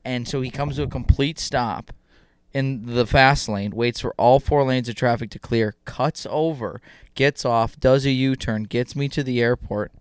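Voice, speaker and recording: A young man co-hosts a casual podcast and tells his stories with lively, comic energy. His voice is smooth and clear, close to the mic in a dry room, with a middle pitch. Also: measured pace, no echo. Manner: animated comic storyteller, acts out the people in his story. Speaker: podcast co-host. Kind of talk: casual chat, storytelling.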